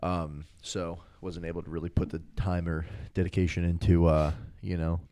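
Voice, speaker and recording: A man co-hosting a podcast in casual chat, laid-back and halting with many fillers. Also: low voice, little pitch movement, mellow, no room sound. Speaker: podcast co-host.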